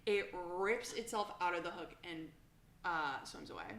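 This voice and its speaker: Bright-voiced, lively woman podcast host. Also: unhurried, echoey room. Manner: animated storyteller, quoting people in exaggerated high voices. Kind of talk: casual chat.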